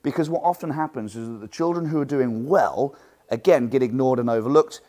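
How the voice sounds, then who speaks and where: Animated martial arts instructor man. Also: mid-range voice, brisk. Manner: animated, acts out what students and teachers say; loud projecting voice from the diaphragm. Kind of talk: teaching talk to fellow instructors.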